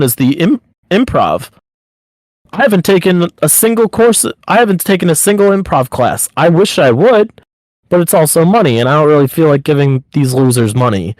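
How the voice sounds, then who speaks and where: A man's voice: on the high side, expressive, brisk, dry recording. A man co-hosting a podcast in a casual chat, talking in loose rambling runs full of 'like'. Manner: rambling, upbeat, heavy use of 'like'. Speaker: podcast co-host.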